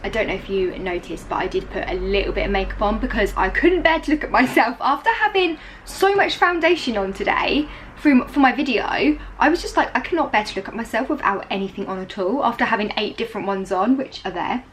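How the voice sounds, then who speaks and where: A woman's voice: on the high side, expressive, brisk, slight background noise. A young woman chatting to camera at home in a casual, rambling, self-deprecating way. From England. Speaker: vlogger. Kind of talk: casual vlog chat to camera. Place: at home indoors.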